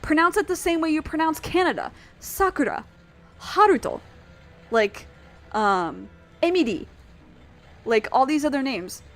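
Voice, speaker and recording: A woman streaming a video game, chatting in a rambling, animated way and swearing freely. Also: sits high, normal speed. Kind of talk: casual gameplay chat.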